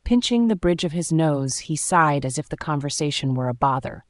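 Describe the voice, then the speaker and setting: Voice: medium pitch, lively intonation, moderate pace, hardly any pauses, no room sound, clean studio sound. A narrator reading a first-person romance story aloud with dramatic, emotional delivery.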